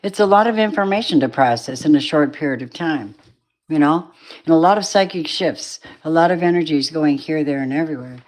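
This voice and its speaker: A woman with a low voice gives a live tarot reading late at night. She sounds tired and drowsy. She rambles warmly and calls her viewers babies and darlings. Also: animated, brisk. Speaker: tarot reader.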